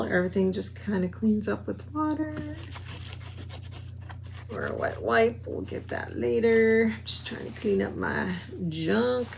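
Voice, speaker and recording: A woman's voice: mid-range voice, vocal fry, slight background noise. A middle-aged woman from the United States hosting a crafts video, chatting upbeat with viewers while she works. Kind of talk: casual crafting talk and promo.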